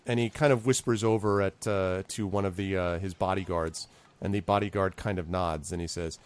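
A man running a tabletop game as game master, narrating in an animated, lively way with many fillers. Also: sits low, normal speed, clean tone.

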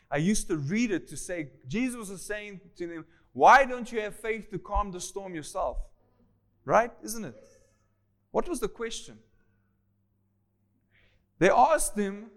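A man preaching a sermon with a high voice. He acts out the people in the story with lively voices and drops from loud, emphatic bursts to quiet, soft asides. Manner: animated, acts out voices of the disciples and Jesus. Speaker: pastor.

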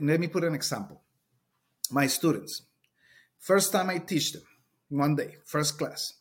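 Being interviewed, a Colombian teacher in middle age talks with sincerity in a fairly high, slightly rough voice. His accent marks him as a Colombian Spanish speaker, and he tends to repeat words as he hunts for them.

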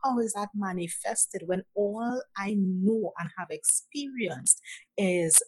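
A woman from Nigeria, a guest on an interview, telling her own story in a slow, halting way with many restarts. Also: mid-range voice, a little mellow, breathy edge, dry recording, rough recording. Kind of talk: personal testimony.

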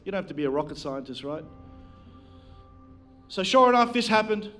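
A man's voice: sits high, lively intonation, a little fast, fairly bright tone, faint music behind. A male pastor preaching a sermon to a live congregation on a handheld microphone, telling a personal story with self-deprecating jokes. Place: church, speaking to a live congregation.

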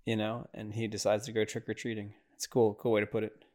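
A man's voice: fairly low pitch, monotone, fairly quick, darkish tone. A man hosting a podcast, giving casual watch-along commentary on a movie in a rambling, reactive way with sudden exasperated outbursts. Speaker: podcast host.

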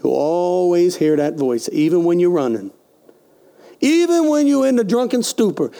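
Gravelly high-voiced pastor. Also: male voice, mellow. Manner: folksy preaching with call-and-response. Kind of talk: sermon.

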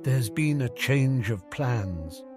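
A man's voice: mid-range voice, animated, slow, over music. A man voicing an irritable, sarcastic male wizard schemer in a storybook reading. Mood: scheming. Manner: sarcastic, disdainful.

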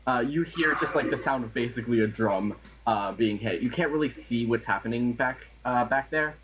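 A man running a tabletop role-playing game as game master, talking casually with many pauses and fillers. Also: mid-range voice, a bit bright, dull audio.

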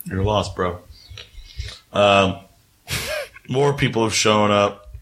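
A man with a lowish voice runs a tabletop game, narrating casually and rambling through scenes with plenty of fillers. His delivery is loose and conversational. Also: drawn-out words, a bit bright. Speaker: game master.

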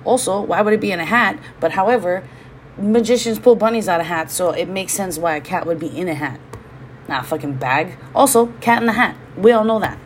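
Candid woman, slightly low voice. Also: lively intonation, a little fast, a little hiss or hum. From Hawaii. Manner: candid, swears freely, goes off on rambling side rants. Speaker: podcast host. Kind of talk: casual solo podcast monologue. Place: at home.

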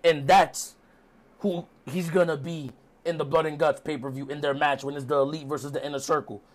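A man's voice: on the high side, steady tone, brisk. Chatty man recapping casually. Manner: rambling, chatty storytelling. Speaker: podcast host reviewing wrestling.

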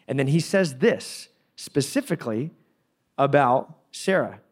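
A man preaching a sermon in a conversational, animated way, with playful asides. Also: medium pitch, measured pace, slightly rough. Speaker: pastor.

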